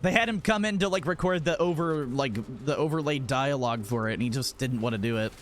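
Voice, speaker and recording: This fast-talking man has a medium-pitched voice. He's live-streaming a game and chatting loosely, telling crude, jokey stories that wander all over.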